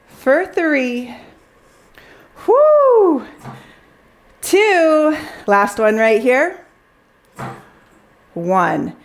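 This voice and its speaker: A woman leading a pilates workout, counting reps and cheering on her class while she exercises along and gets a little out of breath. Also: a little high. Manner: encouraging counting coach, audibly working out alongside. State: slightly out of breath. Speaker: pilates instructor.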